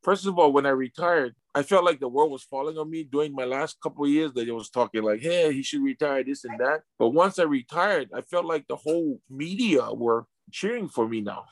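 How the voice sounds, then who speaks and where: A man's voice: a little high, a little fast, hardly any pauses, no room sound. A man, a retired athlete being interviewed, telling his story with emotion and stumbling over repeated words. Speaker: interview guest, retired sumo wrestler.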